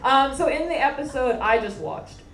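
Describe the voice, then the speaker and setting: Young female stand-up, sardonic storyteller with a raised pitch, on a live stage mic in a roomy, noisy venue. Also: moderate pace. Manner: animated, sardonic storytelling with mocking impressions. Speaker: stand-up comedian. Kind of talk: stand-up comedy set. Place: comedy stage with live audience. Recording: echoey room with background noise.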